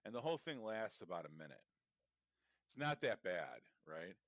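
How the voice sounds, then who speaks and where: A man's voice: deep voice, sing-song, normal speed, fairly bright tone, no room sound, clean studio sound. A man co-hosting a podcast, chatting casually with a lot of swearing and wandering tangents. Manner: profane, rambling, digressive. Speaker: podcast co-host.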